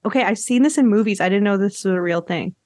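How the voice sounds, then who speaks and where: A woman's voice: mid-range voice, fast talker, a little mellow, dry recording. Woman podcast host from Canada, chatty, laughs a lot, dry close mic. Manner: chatty, laughs often, many "like" fillers. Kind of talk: casual chat.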